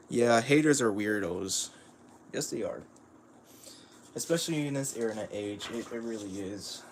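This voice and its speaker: A man's voice: medium pitch, a little hiss or hum. A man streaming casual commentary on a manga, rambling with lots of fillers and frequent chuckles.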